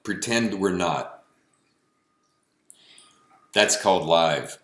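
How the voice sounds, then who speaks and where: A man's voice: low-pitched, lively intonation, extremely slow, a bit bright. A man introducing a guest on a show, upbeat and joking. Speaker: show host. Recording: roomy echo.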